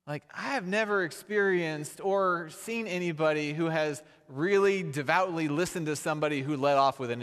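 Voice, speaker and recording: A man preaching a sermon, relaxed and conversational, building to emphatic peaks. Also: a little high. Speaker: pastor. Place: church sanctuary. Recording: long hall reverb.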